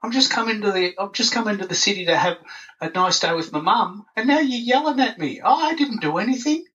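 Aussie guy doing a teary young girl, whiny and high, dull far-off recording. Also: lively intonation, a little fast, sharp tone. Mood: tearful. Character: upset young girl, crying and bewildered.

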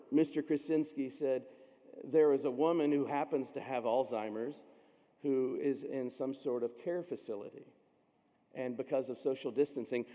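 A man's voice: medium pitch, warm tone. Male pastor, dramatic storyteller, sermon delivery, reverberant space. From Illinois, USA. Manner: dramatic storytelling, acting out voices.

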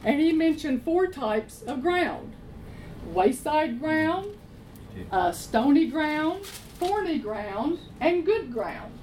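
High-voiced woman preaching slowly. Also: sing-song, darkish tone, a little hiss or hum, low-quality recording. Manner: emphatic, repeats phrases, asks and answers own questions. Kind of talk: sermon.

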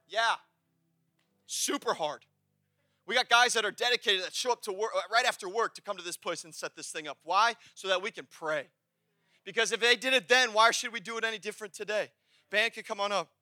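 A man preaching a sermon as pastor, animated and conversational, shouting at the high points. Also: no echo, studio quality.

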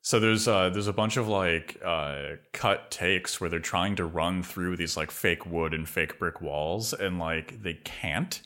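A man's voice: deep voice, unhurried, few pauses, bright, forceful tone. A man co-hosting a podcast, talking movies in a rambling way, full of filler words. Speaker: podcast co-host. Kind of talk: casual film discussion.

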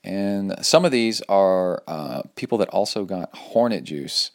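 Deep-voiced man, upbeat podcast host. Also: expressive, a little slow, creaky. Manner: loose and rambling, many fillers, upbeat and enthusiastic. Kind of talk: casual solo podcast talk with sponsor read.

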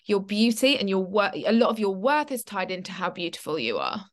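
A woman's voice: mid-range voice, big pitch swings, fairly quick. A young woman co-hosting a casual Christian chat podcast, telling stories animatedly and acting out her own reactions. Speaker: podcast co-host.

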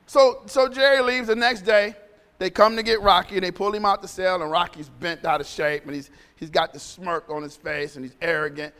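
A man's voice: high voice, fairly even intonation, moderate pace, sharp tone, long reverb tail. A male pastor preaching a sermon in a conversational, storytelling way, often repeating phrases.

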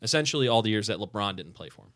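A man's voice: fairly low pitch, lively intonation, very fast, fairly bright tone. A man co-hosting a casual podcast chat, laying out a sports debate in a talkative, explaining way. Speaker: podcast co-host.

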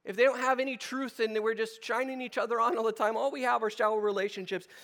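A man's voice: extremely high pitch, steady tone, fast, a bit bright. A middle-aged male pastor giving a conversational sermon, asking the room questions and acting out short quotes. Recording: long hall reverb.

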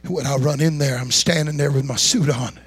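A male preacher telling a story in a revival sermon, impassioned, swinging from hushed tones to shouting. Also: mid-range voice, fairly quick, husky.

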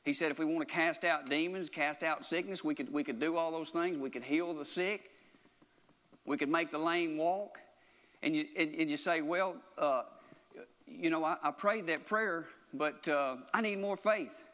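A man's voice: fairly high pitch, moderate pace, fairly bright tone. Earnest man preaching in a reverberant hall. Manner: earnest, repetitive, restarts phrases often. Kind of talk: sermon.

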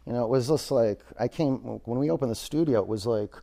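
Guiding a class through poses in a studio, this yoga teacher speaks fast, loosely and casually, with lots of filler words. He has a gravelly, somewhat creaky voice at a medium pitch.

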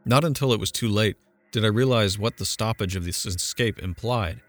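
A man's voice: fairly low pitch, normal speed, no echo, lightly acted. A man reading an audiobook, voicing a haunted, defiant young man who recounts his ordeal with intense urgency. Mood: urgent.

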